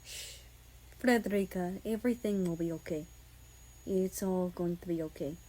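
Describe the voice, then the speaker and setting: A soft-spoken, protective young man, as a woman reads him, hushing and calming his partner with low, quiet reassurance. His voice sits low and stays gentle throughout the audiobook reading. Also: normal speed, lightly acted, poor audio. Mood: soothing. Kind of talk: fan fiction audiobook reading.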